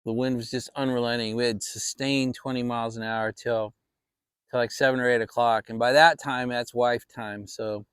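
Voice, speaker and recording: A channel host leads a casual fireside chat vlog, rambling reflectively with many restarts. His medium-pitched voice is steady, fairly bright, clear and resonant at a moderate pace, with clean studio sound and no room sound.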